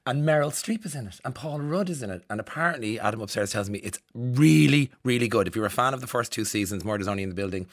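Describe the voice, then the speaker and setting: A man's voice: medium pitch, expressive, quick pace, few pauses, no room sound, clean studio sound. A man with an Irish accent hosting a radio show, chatting and laughing as he reads out listener texts in a self-mocking way. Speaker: radio host. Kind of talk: casual radio chat reading listener texts.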